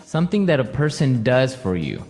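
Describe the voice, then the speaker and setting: A man co-hosting a scripted English lesson podcast, relaxed and explanatory. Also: medium pitch, moderate pace, in a large hall, faint music behind. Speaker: podcast co-host.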